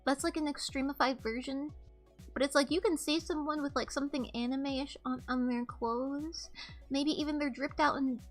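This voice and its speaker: Young female streamer, high pitch, rambling and candid, casual chat, faint music bed. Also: steady tone, normal speed. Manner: rambling, candid storytelling with swearing. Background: faint background music.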